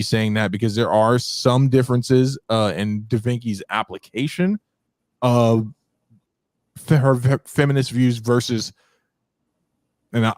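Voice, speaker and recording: A man hosting a casual debate talk show, animated, repeating himself and rising in pitch as he makes his points. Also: dry recording, studio quality. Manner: repeats words often, lots of filler. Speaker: show host.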